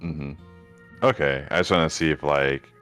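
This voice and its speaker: Male player, very low and resonant, halting casual speech. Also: fairly even intonation, fairly bright tone, smooth, faint music behind. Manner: halting, hesitant. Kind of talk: casual chat.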